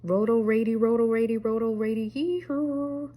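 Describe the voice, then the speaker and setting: A woman's voice: mid-range voice, sing-song, slow pace, darkish tone, husky, pitched above the performer's own voice, heavily acted. An older woman voicing a goofy male cartoon Great Dane who speaks with r-sounds in place of consonants. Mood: howling yodel. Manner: dog-speech with r-sounds replacing consonants.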